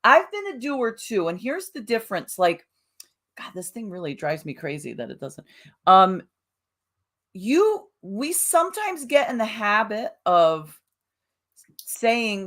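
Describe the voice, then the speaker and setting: A woman co-hosting a motivational podcast in a relaxed, conversational way, with fillers and restarts. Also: mid-range voice, slow. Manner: conversational, with fillers and self-corrections. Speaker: podcast co-host. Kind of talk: casual motivational chat.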